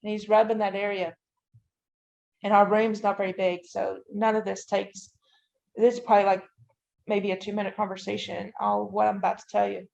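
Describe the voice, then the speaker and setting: Woman with a gravelly fry in her voice, talks it all through step by step, dull lo-fi sound. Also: mid-range voice, level tone, normal speed, a little mellow. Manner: tells the story in detail, often using "you know" and "I'm like". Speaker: podcast guest. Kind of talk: emotional personal account. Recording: dull, lo-fi audio.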